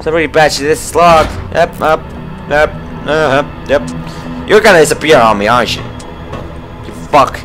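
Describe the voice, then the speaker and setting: A young man playing a horror game, swearing constantly, panicking and yelling at enemies, then muttering nervously. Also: fairly high pitch, moderate pace, pauses often, soft background music. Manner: profane, jumpy, yelling in panic. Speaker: let's play gamer.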